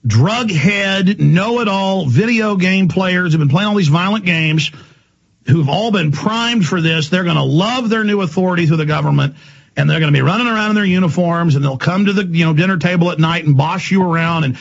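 A man hosting a talk radio show, ranting angrily in a heated monologue with a gravelly, husky voice. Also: high-pitched. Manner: ranting, angry, rapid-fire. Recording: dull lo-fi broadcast audio.

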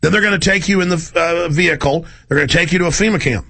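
Middle-aged radio host guy, gravelly husky voice, bright edge, ranting fast and intense. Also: on the high side. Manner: intense, rapid, conspiratorial ranting. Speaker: radio talk show host. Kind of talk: radio talk show monologue.

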